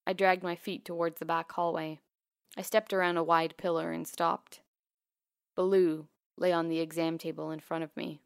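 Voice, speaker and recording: A woman narrating a first-person memoir in a quiet, measured, intimate way. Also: on the low side, little pitch movement, gravelly, clean tone, no echo, studio quality.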